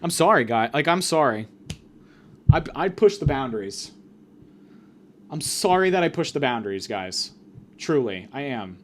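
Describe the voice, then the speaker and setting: A man's voice: medium pitch, very animated, moderate pace, long pauses, slight background noise. A young man hosting a podcast, ranting in a mock-grandiose comedic monologue with sudden swings in volume. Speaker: podcast host.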